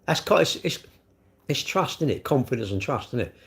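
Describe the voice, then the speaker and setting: A livestream host rambles casually from one thought to the next, cracking self-deprecating jokes and answering live comments as they arrive. His voice sits at an ordinary middle pitch with big pitch swings and a fairly bright tone, and he speaks briskly.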